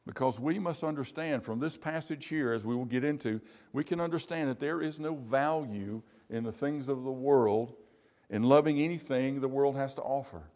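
A man delivering a sermon in a church. He speaks in a measured, emphatic way and slows down hard on the words he wants to land. His voice sits at an ordinary male pitch. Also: a little mellow. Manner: measured, emphatic preaching with slow stressed phrases. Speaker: preacher.

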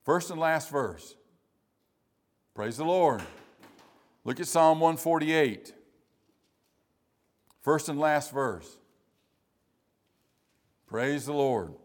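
Slow-speaking pastor preaching. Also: male voice, on the high side, expressive. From South Carolina. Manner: slow, deliberate preaching with emphatic repeated phrases. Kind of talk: sermon.

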